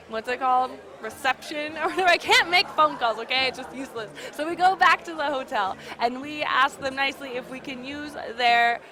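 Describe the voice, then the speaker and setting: A young woman with a high, bright voice recounts her travel mishaps, exasperated and animated, fillers tumbling out. She's filming at a busy convention, loud crowd chatter all around her. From United States. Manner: exasperated, animated retelling with frequent fillers and laughs. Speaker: vlogger. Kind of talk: casual storytelling to camera. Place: busy gaming convention hall.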